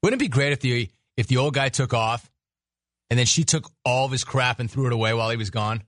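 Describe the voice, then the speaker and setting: A man's voice: mid-range voice, no room sound, clean studio sound. Sarcastic male sports radio host. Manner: sarcastic, mocking, rapid riffs. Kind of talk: sports talk radio monologue.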